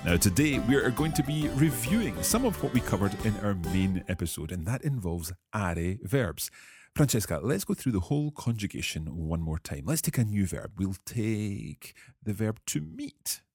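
A man hosting a language-learning podcast, explaining grammar in a clear, measured teaching manner. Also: on the low side, very animated, darkish tone, no room sound, soft background music.

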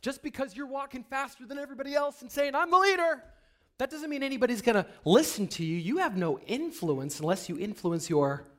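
A man giving a motivational seminar talk to an audience, asking them questions and swinging from hushed whispers to loud, emphatic bursts. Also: very high voice, animated, brisk. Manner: addresses the audience directly with rhetorical questions. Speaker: motivational speaker.

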